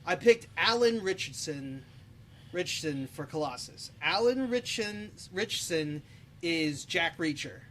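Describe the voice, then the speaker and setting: A man co-hosting a casual podcast, talking about movies in an animated, opinionated way and swearing freely. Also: on the high side, measured pace. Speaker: podcast co-host.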